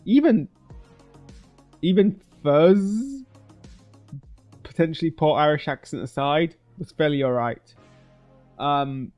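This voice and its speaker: A man's voice: a little high, darkish tone. A man giving a casual spoken film review, rambling and hesitant with many restarts. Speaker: video creator reviewing a film. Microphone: streaming webcam setup.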